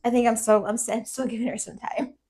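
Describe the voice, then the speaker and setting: A woman's voice: a little high, flat delivery, fast, dark tone, a little hiss or hum. A young woman co-hosting a podcast, telling a personal story in casual chat, candid and swearing, with lots of "like" fillers. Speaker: podcast co-host.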